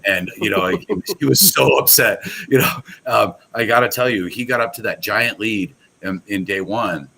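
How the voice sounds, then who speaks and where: A man's voice: lowish voice, lively intonation, moderate pace, gravelly, sharp tone, slight background noise, poor audio. A man talking as a guest on a casual podcast, rambling and enthusiastic with many restarts. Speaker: guest, pool products company owner.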